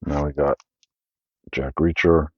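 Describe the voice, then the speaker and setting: A man's voice: extremely low pitch, level tone, slow pace, no echo, highs cut off. A Canadian man hosting his own channel, casually rambling through his film collection with many fillers and self-corrections.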